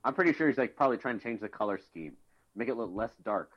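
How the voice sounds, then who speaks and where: A man's voice: on the low side, expressive, fast. A man co-hosting a podcast, rambling through casual chat with fillers, restarts and swearing. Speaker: podcast co-host. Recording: slightly dull lo-fi sound.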